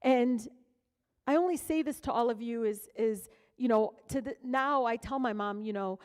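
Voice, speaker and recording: A woman's voice: a little high, moderate pace, a little mellow. A middle-aged woman from Detroit giving a keynote speech, telling personal stories in a candid, conversational way with frequent fillers and asides. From Detroit, USA. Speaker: keynote speaker. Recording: long reverb of a large hall.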